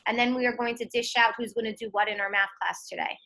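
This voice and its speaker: An upbeat woman teacher leads her class over a video call. Her voice is bright and a little high, and she talks in an encouraging way. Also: steady tone, fast, vocal fry. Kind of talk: online class talk.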